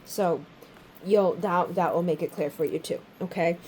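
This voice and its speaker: A woman's voice: lowish voice, moderate pace, dark tone, a little hiss or hum. A woman giving a casual spoken tarot reading to viewers, chatty and swearing freely, often acting out little quoted voices. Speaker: tarot reader.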